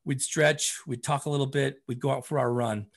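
A man's voice: mid-range voice, moderate pace, vocal fry. A man, a therapist and running coach, telling a story in casual conversation, acting out quotes with lots of fillers. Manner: animated, acts out quotes, many fillers like "you know" and "man".

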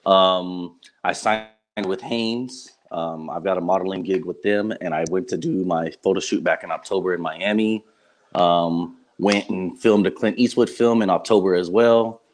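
A man's voice: deep voice, normal speed, slight background noise. A young man, a guest actor, talking casually on a video call with many ums and restarts. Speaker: guest actor, former running back. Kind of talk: casual interview chat.

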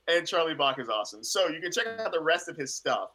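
A man co-hosting a podcast, excitable and exclamatory as he thanks the listeners. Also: fairly high pitch, quick pace. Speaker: podcast co-host. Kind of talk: casual podcast chat.

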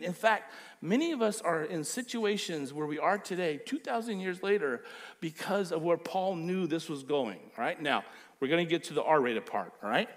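A man with a fairly high speaking voice delivers a sermon. He preaches with animated emphasis, leaning hard into key phrases and often slipping into lively acted-out quotes. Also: normal speed. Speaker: pastor.

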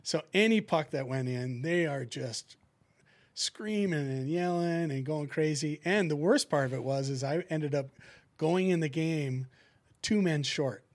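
A middle-aged man, a former hockey goalie, telling lively stories in a casual chat and acting out what people said. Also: a little high, a little slow. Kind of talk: casual storytelling in a podcast chat.

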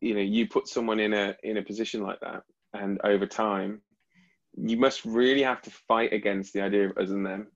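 A man with a lowish voice who hosts the chat and reflects slowly, hunting for words through lots of fillers. His audio sounds slightly dull and lo-fi. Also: fairly even intonation, creaky. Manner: hesitant, searching for words with many fillers. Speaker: podcast host, psychologist. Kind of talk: reflective conversation.

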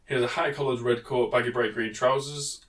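A man's voice: medium pitch, steady tone, a little fast, a bit bright, distant mic. A man co-hosting a casual book-discussion podcast, laughing often and swearing in loose banter. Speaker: podcast co-host.

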